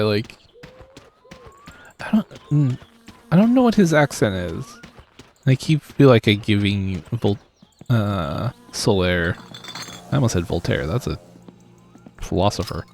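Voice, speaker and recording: Slow, gravelly game streamer man. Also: lowish voice, slight background noise. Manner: rambling, self-deprecating, chuckles often. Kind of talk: casual live-stream chat while playing.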